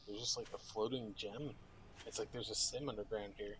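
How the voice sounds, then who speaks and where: A man's voice: on the low side, a little fast, a little hiss or hum. Tired young man rambling over gameplay. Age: young adult. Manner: rambling, relaxed, many fillers. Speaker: gaming channel host. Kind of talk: casual gameplay commentary.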